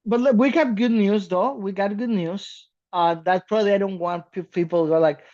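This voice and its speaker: A man from South America co-hosting a podcast in casual chat, animated and laughing, swearing casually. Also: sits high, moderate pace, dull audio. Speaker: podcast co-host.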